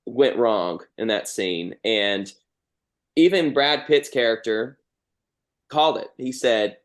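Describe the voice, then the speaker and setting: A man's voice: mid-range voice, slow pace. A man in a casual podcast chat who retells film scenes at length, with fillers.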